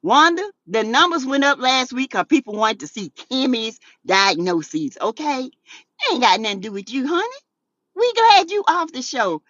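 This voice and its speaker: A Southern woman hosting a casual gossip show, sassy and animated, laughing often as she reads out chat messages. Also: sits high, moderate pace, dry recording, muffled recording. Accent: Southern US, South Carolina. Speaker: YouTube talk show host. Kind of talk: casual gossip commentary reading live chat.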